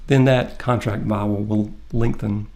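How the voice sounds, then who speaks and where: A man teaching a Greek translation lesson. He explains the grammar step by step and reads the Greek aloud slowly. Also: fairly low pitch, fairly even intonation, gravelly, darkish tone. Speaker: Greek instructor. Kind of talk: classroom lecture.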